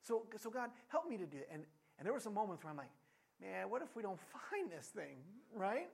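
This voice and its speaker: A man in his thirties preaching a sermon in a conversational, animated way, acting out quotes. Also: high-pitched, brisk, vocal fry, breathy edge. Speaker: pastor.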